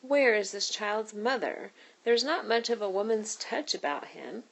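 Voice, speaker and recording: A woman's voice: mid-range voice, expressive, measured pace, gravelly, poor audio. A woman voicing a caring, scolding grown woman in a read-aloud storybook. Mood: indignant. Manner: fussing and motherly.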